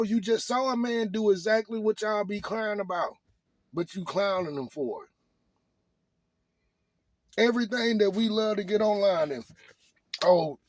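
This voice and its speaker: A man's voice: sits high, no echo. Preachy man firing rhetorical questions. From Arkansas. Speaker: vlogger. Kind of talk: motivational rant to camera.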